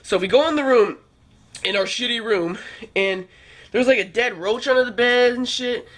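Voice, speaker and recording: A young man with a very high, fairly bright voice vlogs at a normal speed from downtown L.A. during a California trip. He casually tells a rambling, profane story packed with fillers.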